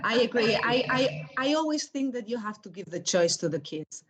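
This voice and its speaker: A woman hosting an interview in a language that is not her first, since she grew up speaking Spanish. She pauses often, fills gaps with "uh" and "um", and restarts phrases as she searches for words. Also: fairly high pitch, big pitch swings, background noise. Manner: hesitant, searching for words with many fillers. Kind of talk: conversational interview.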